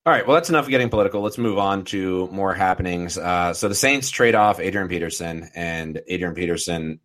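A man hosting a casual sports podcast, steering the discussion and tossing in quick sarcastic asides. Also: low voice, a bit bright. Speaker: podcast host.

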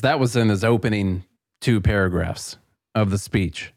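A man co-hosting a podcast in casual chat, easygoing and quick to laugh along. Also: on the low side, no room sound, clean studio sound. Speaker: podcast co-host.

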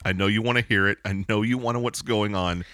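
A man's voice: lowish voice, fairly even intonation, quick pace, pushed and bright, no echo, studio quality. A man co-hosting a podcast, chatting casually and jokily, often breaking into silly voices to quote people. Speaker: podcast co-host. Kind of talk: casual comedic chat.

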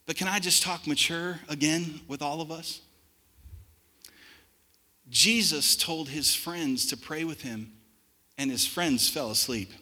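Fiery preacher in a big echoing hall. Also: male voice, fairly high pitch, husky. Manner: dynamic preaching, swings from hushed to shouting. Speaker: pastor. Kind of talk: sermon. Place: church sanctuary.

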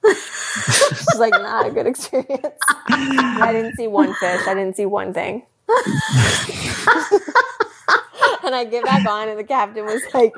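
A young woman co-hosting a podcast, telling a story in a casual, animated way and laughing often. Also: fairly high pitch, takes it slowly, pauses often, a little hiss or hum. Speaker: podcast co-host.

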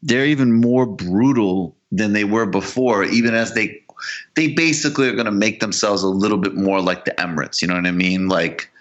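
A man's voice: on the low side, normal speed. A man in casual political chat, rambling and profane with lots of fillers. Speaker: political commentator. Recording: dull lo-fi audio.

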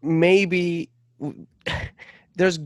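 A man co-hosting a casual sports podcast, rambling loosely in quick bursts and tossing in goofy asides. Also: high-pitched, fairly even intonation, no echo, studio quality. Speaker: podcast co-host.

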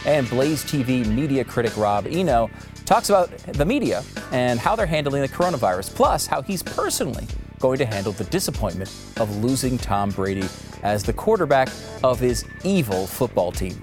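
A man's voice: medium pitch, big pitch swings, normal speed, over music. A man hosting a comedy podcast, delivering a sarcastic monologue with theatrical swings in his voice. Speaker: podcast host.

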